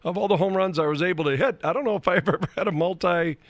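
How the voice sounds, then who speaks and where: A man's voice: high-pitched, quick pace, dry recording, clean studio sound. A man hosting a radio sports show in casual chat. He laughs often and restarts his sentences.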